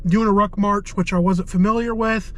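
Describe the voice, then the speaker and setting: A man's voice: high voice, steady tone, normal speed, fairly bright tone, rough recording. A man, a volunteer firefighter, talking casually to his viewers while out of breath and sick, rambling with many fillers, outdoors and later in his car. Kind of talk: casual vlog talk. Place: outdoors on a march, later inside a parked car.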